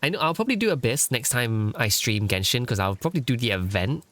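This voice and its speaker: Animated casual male streamer. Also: medium pitch, quick pace, no echo. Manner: chatty and rambling, swears casually, laughs often. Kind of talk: casual live gaming stream chat. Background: faint background music.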